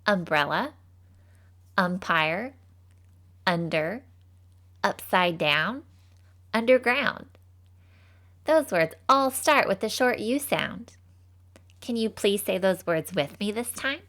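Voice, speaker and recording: Folksy young female teacher, voiced by a woman, slow and patient phonics delivery for preschoolers. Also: medium pitch, lively intonation, a bit bright. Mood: cheerful. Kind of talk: scripted children's phonics lesson.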